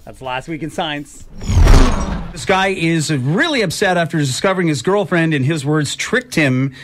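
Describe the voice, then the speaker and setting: A man's voice: a little high, expressive, moderate pace, music in the background. A man co-hosting a morning radio show, chatting in a playful, enthusiastic way in a studio. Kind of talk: casual radio banter.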